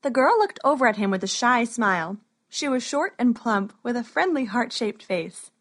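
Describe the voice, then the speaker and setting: Woman narrating a storybook, steady. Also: fairly high pitch, moderate pace.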